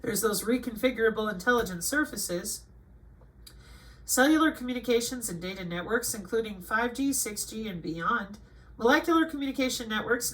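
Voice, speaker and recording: On her own channel, a middle-aged woman with a medium-pitched voice reads out a list, then breaks off to scold and make sarcastic remarks. Her delivery alternates between flat reading and emphatic bursts. Audio quality is poor.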